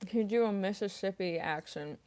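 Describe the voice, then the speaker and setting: A woman's voice: medium pitch, a little fast, a little mellow. A young woman voice actress chatting casually on a livestream, reading chat aloud with lots of ums and likes while snacking on chips. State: eating chips while talking.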